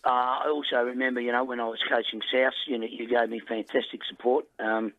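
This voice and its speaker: A man's voice: medium pitch, a little fast. A man chatting on the phone with a radio host. He talks easily, with plenty of ums and uhs, and his middling voice comes through a dull, muffled line. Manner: relaxed, with many fillers. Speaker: caller, former coach. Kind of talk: phone-in chat. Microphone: telephone.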